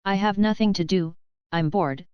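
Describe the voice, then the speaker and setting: A woman reading a scripted story, voicing the dialogue of pet characters in a stilted, even way. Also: mid-range voice, normal speed, clean tone, no room sound, muffled recording.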